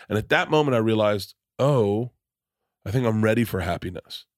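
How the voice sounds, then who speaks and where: A podcast host and stand-up comedian with a lowish voice tells a story at a moderate pace, rambling, restarting sentences and swearing freely. He acts out the people in his story. The sound is clean studio audio with no room sound.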